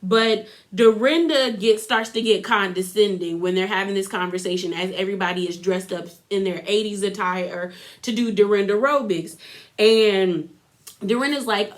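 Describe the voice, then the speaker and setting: A woman's voice: medium pitch, moderate pace. Chatty woman recapping a reality show. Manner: chatty, full of "like" and opinions, acts out quotes. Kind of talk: casual episode recap.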